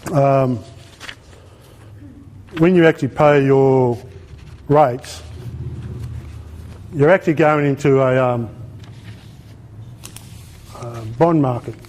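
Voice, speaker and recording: A man's voice: medium pitch, a little mellow. A man with an Australian accent giving an informal presentation, emphatic, repeating his points and asking rhetorical questions. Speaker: speaker.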